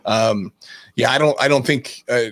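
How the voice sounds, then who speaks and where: A man from California, a guest in a casual video-call interview, talking quickly and rambling with lots of fillers. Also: mid-range voice, fairly bright tone, no echo. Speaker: guest, event creator.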